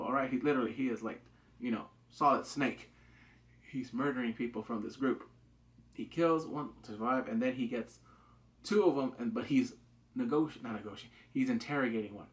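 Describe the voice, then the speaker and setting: A man casually reviewing a TV episode, excitable, acting out quotes with big jumps in pitch and swearing loosely. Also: a little fast. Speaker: TV show reviewer.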